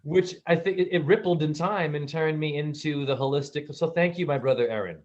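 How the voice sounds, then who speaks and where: A man's voice: fairly high pitch, brisk, a little mellow, dull audio. A man telling funny childhood stories on a podcast, acting out the voices of the people in them. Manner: theatrical, acts out voices in his stories. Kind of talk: animated comic storytelling.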